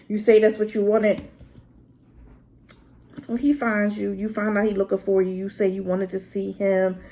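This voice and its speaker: Her voice is slightly high and a touch mellow. Speaking directly to viewers on camera, she rambles through an unscripted, unedited rant reviewing a drama, exclaiming as she goes.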